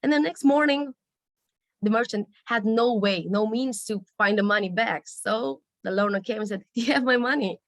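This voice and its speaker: A woman's voice: mid-range voice, normal speed, dry recording. Lady telling a folk story, lots of ums, close dry sound. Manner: casual, with many fillers and restarts. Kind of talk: live oral storytelling. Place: festival stage.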